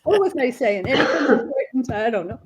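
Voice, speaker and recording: A woman telling family stories in an excitable, rambling way, losing her train of thought. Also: fairly high pitch, fairly quick, crowd noise, poor audio. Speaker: guest author. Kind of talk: casual chat.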